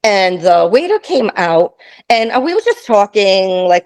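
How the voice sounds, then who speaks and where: A woman in her fifties, a guest, telling a travel story in casual chat, animated and laughing, acting out the voices of people in it. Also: mid-range voice, moderate pace, rough recording. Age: 50s.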